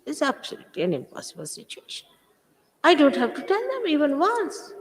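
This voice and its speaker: Woman, sixties, lecturing and scolding a crowd, lively swinging pitch, old roomy recording. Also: fairly quick. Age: 60s. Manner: scolding, emphatic, full of rhetorical questions. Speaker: spiritual teacher. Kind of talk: spiritual talk to followers. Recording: echoey hall, old 1980s recording.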